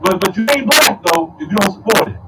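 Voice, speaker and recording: Animated high-voiced man ranting to viewers. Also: fairly quick, far from the mic, heavy background noise. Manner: animated, repeats words, addresses viewers as y'all. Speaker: commentary streamer. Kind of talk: casual political commentary.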